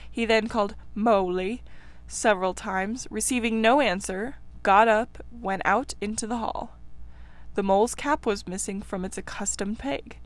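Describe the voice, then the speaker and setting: A woman reading a classic storybook aloud in a measured, expressive way, sometimes dropping to a hush. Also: mid-range voice. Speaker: reader. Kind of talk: storybook read-aloud narration.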